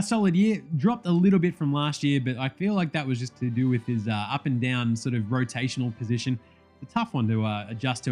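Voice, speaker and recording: A man with an Australian accent giving a casual, profane, jokey rant about sport. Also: on the high side. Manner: profane, blunt, jokey banter. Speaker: sports vlogger.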